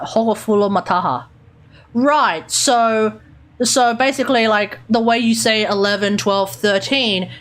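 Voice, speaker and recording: An Australian woman live streaming, thinking aloud as she sounds out and repeats unfamiliar foreign words. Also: on the high side. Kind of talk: casual live-stream chat.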